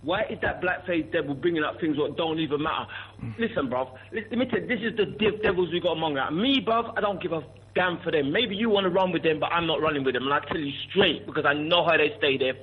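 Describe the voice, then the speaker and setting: Ranting caller on a phone line. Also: male voice, on the high side, fast. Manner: forceful, repeats "bruv", ranting. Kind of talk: heated phone-in rant.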